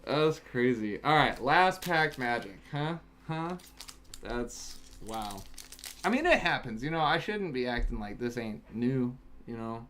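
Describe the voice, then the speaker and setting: A man casually chatting on a home stream while opening card packs, breaking into excited shouts over good pulls. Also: mid-range voice, a little slow, a little hiss or hum. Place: home, in Alaska. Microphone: webcam setup.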